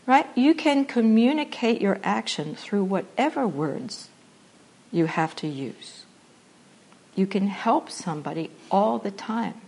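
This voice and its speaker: Woman teaching meditation n acting, playful, acts out little bits, goes soft n slow on the repeats. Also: medium pitch, vocal fry, husky. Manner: animated and playful, acting out examples with laughter; drops to soft, slow repetition when guiding meditation. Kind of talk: spiritual talk mixing meditation and acting.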